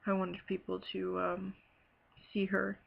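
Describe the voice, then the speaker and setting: A woman from Ohio telling a personal story in a halting, hesitant way, full of fillers and pauses. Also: mid-range voice, monotone, vocal fry, phone-quality sound. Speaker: bereaved sister telling her story. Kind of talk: personal testimony.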